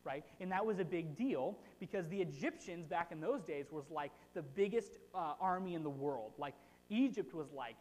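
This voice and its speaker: A chatty preacher giving a casual sermon, animated and full of rhetorical check-ins, at a middle pitch. The voice rings with a long hall reverb. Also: moderate pace.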